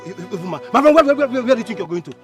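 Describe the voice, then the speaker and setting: An actor with a Nigerian accent playing a poor, hot-tempered younger brother who stammers and repeats himself, in a film drama. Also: male voice, high-pitched, lively intonation, racing, soft background music. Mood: demanding. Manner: stammering, repeats words, challenging.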